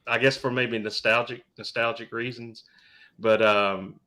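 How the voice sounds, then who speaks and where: A man co-hosting a podcast, chatting casually with a halting, joking manner. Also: mid-range voice, level tone, bright, forceful tone. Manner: halting, restarts a lot, joking. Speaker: podcast co-host. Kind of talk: casual chat.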